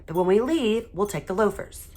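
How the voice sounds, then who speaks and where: A woman's voice: medium pitch, animated, moderate pace, darkish tone, voice pushed up, lightly acted. A woman voicing a fussy, easily embarrassed mother who frets but stays firm. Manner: fretting, firm.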